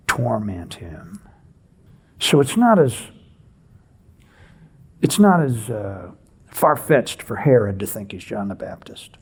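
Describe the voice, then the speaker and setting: Husky-voiced man preaching conversationally. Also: on the low side. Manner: animated, conversational teaching with rhetorical questions. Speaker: pastor. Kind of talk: expository sermon. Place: church.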